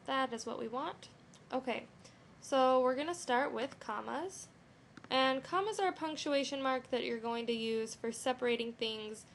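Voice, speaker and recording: A woman's voice: fairly high pitch, slight background noise. A young adult woman giving a casual lesson over her screen, talking loosely with lots of "um" and "you know". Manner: relaxed, with frequent "um" and "you know". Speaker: teacher.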